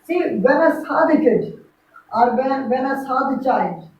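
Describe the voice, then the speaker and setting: Woman teacher w drilling grammar, voice a bit high, echoey room, far from mic. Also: animated, darkish tone, slight background noise. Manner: repeats each example slowly, checks with "right?". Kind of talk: classroom grammar lecture.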